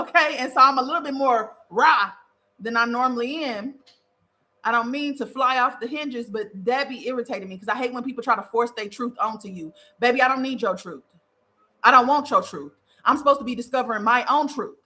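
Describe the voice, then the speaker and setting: A woman's voice: high voice, pushed and bright. A woman podcast host giving a spiritual monologue, fiery and profane, repeating phrases for emphasis.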